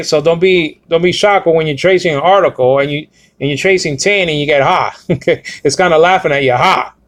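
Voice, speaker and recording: Halting, higher-voiced man teaching Greek. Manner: halting, with frequent fillers and "okay?" checks; slowly sounds out words and spells letters. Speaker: Bible language teacher. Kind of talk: informal Greek grammar lesson.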